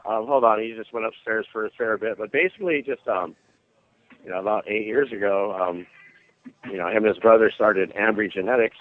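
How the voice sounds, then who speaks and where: A man's voice: fairly low pitch, dry recording. A man phoning into a show, casually telling a surfing story and acting out the people in it. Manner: animated storyteller, acts out quoted voices. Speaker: phone-in guest, surf instructor. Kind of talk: casual phone chat, storytelling. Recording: dry, tinny phone line.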